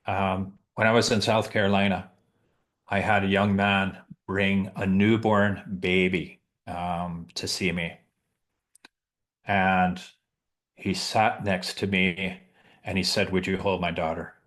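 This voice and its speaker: Casting note: middle-aged man, fairly low voice, halting and emotional storyteller, professional Santa. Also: flat delivery, a bit bright. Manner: halting, emotional, many pauses and restarts. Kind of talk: heartfelt storytelling in a group chat.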